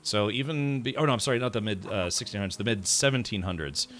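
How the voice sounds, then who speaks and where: A man's voice: on the low side, lively intonation, fast, a bit bright. An American man commentating his gameplay live, chatty and rambling with many asides. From United States. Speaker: game streamer.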